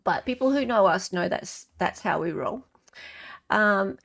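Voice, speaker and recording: A woman's voice: mid-range voice, lively intonation, measured pace, creaky. An Australian woman hosting a casual livestream chat, greeting viewers and reading their comments aloud. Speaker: livestream host.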